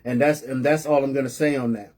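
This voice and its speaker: A man's voice: medium pitch, fairly quick. Man telling an earnest story live. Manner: earnest, repeats words and restarts, lively retelling. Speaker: host of a live reseller news show. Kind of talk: casual storytelling to a live audience.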